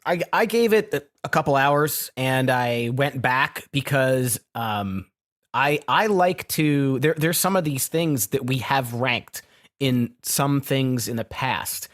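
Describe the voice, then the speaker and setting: A man's voice: mid-range voice, lively intonation, slow pace, a bit bright. Rambling good-natured podcast co-host, male. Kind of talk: casual podcast chat.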